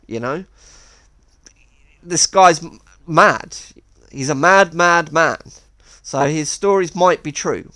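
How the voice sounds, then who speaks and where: A man's voice: a little high, animated, slow, pushed and bright, dry recording. A man telling a rambling anecdote with wry asides. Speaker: storyteller. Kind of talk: casual anecdote.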